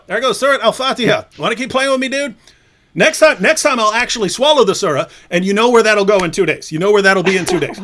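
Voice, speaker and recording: High-voiced taunting male livestream host. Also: fast, fairly bright tone. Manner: taunting, mocking, laughing often. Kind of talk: provocative livestream chat.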